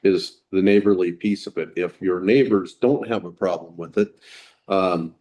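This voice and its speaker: A man's voice: low voice, steady tone, normal speed, lo-fi sound. A man speaking at a town meeting, making his case casually and persuasively. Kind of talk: public meeting testimony.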